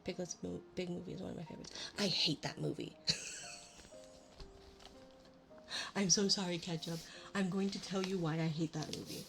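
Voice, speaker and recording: A woman's voice: on the low side, steady tone, a little slow, vocal fry, long pauses, fairly bright tone. Young woman ASMR host, casual and rambling, with faint music behind. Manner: rambling, casual, self-deprecating. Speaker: ASMR streamer. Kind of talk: soft-spoken chat and storybook reading.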